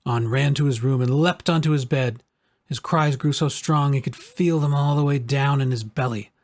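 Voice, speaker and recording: A man reading a children's storybook aloud in a calm, measured way. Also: medium pitch, no echo. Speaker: narrator.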